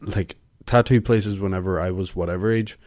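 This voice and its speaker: A man, co-hosting a casual podcast chat, blunt and quick to cut in and correct. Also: sits low, fairly even intonation, a little mellow, dry recording. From Ireland. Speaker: podcast co-host.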